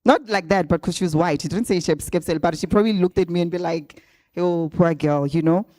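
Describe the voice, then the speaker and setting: A chatty woman tells her story to a live room of graduates, often turning to them with "right?". Her voice is mellow and sits a little low, and the sound is close and dry. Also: quick pace, no echo. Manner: chatty, addresses the audience directly with frequent "right?". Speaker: guest speaker at a graduate bootcamp. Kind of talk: casual storytelling talk to a live audience. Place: event venue with a live audience. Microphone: handheld or stand microphone.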